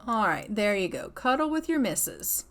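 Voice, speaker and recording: A woman's voice: mid-range voice, very animated, moderate pace, fairly bright tone. A woman chatting affectionately as she narrates a life-sim game, often laughing. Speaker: gameplay commentator. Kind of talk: casual let's-play commentary.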